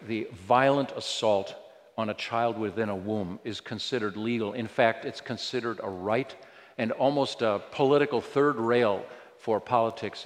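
Man preaching in a reverberant hall. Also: on the low side. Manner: earnest preaching with rhetorical questions. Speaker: pastor. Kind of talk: sermon.

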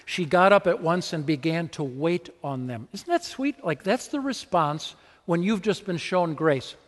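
Male pastor, slightly high voice, lively and conversational sermon delivery, long church reverb. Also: a little slow. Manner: conversational and animated, acting out little scenes.

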